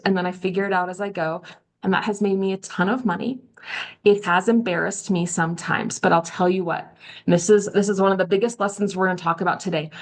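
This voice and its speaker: A middle-aged woman coaching a live online training, telling candid, chatty stories with lively quoted voices. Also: mid-range voice. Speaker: social media coach. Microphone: video call.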